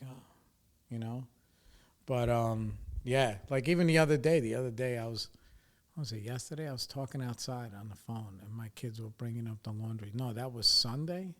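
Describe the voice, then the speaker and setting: Middle-aged puerto rican dude rambling on his podcast, swears a lot, laughs at himself. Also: mid-range voice. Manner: rambling, profane, self-deprecating. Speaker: podcast host. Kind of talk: casual monologue.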